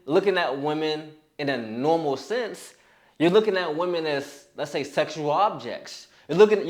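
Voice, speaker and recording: A young man giving a blunt, profane motivational talk as a fitness coach, often restarting his sentences. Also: on the high side. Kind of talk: motivational monologue.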